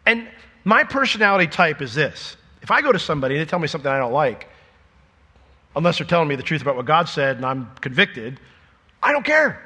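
A middle-aged man preaching a sermon, lively and joking, acting out imagined conversations before dropping to a quieter, earnest tone. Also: a little high, long reverb tail. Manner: animated, jokey, acts out imagined dialogue.

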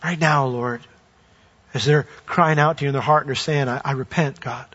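A man preaching as a pastor, urging listeners earnestly and then leading a hushed closing prayer. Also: medium pitch, steady tone, moderate pace, husky, lo-fi sound.

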